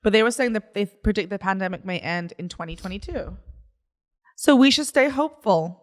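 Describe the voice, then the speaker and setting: A woman's voice: mid-range voice, brisk. A woman co-hosting a comedy podcast, chatty and casual, reading out news items. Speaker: podcast co-host.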